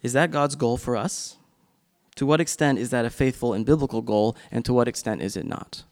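A man's voice: medium pitch, a little fast, darkish tone. A man leading a church class discussion in a loose, unscripted way, with frequent ums and restarts.

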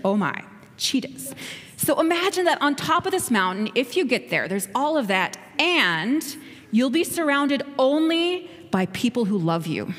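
A woman's voice: sits high, big pitch swings, unhurried, a bit bright. A woman leading a playful, encouraging children's talk in a church, asking the kids questions. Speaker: children's message leader. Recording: echoey hall.

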